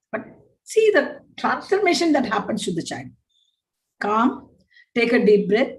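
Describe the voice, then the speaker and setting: Brief: higher-voiced woman, workshop presenter, animated and emphatic. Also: rough recording. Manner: animated, acts out scolding parents in quick asides; repetitive, emphatic phrasing. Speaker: parenting workshop speaker. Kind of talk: workshop talk to parents.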